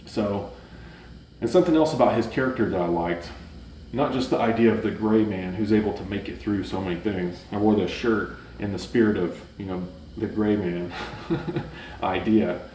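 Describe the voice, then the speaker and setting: Casual movie-review vlogger, man, low voice, filler-heavy rambling, recorded off-mic in an echoey room. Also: normal speed, dark tone, a little hiss or hum. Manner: rambling, many fillers and restarts. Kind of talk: casual chat. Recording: roomy echo, mic at a distance.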